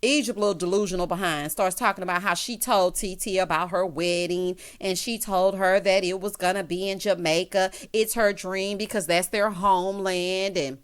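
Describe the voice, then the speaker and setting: A woman's voice: medium pitch, steady tone, normal speed, hardly any pauses, smooth. A woman giving a casual, gossipy recap of a reality show, talking straight to her viewers and calling them honey and child. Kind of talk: casual recap commentary to camera.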